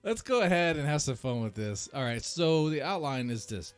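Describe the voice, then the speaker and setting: A man's voice: on the high side, big pitch swings, normal speed, clean tone, faint music behind. A man hosting a reaction channel, rambling in a casual, joking and self-mocking rant. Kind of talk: casual ranting commentary.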